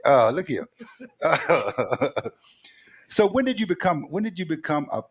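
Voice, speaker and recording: A talk show host with a Southern accent runs a casual interview, playful and rambling and repeating his own phrases. His voice is fairly high with big pitch swings, and he speaks at a measured pace.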